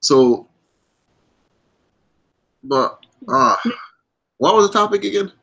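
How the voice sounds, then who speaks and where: A man's voice: high voice, expressive, slow, vocal fry, pushed and bright. A man hosting a casual podcast, talking loosely, with restarts and laughter. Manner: rambling, with restarts and frequent laughs. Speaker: podcast host.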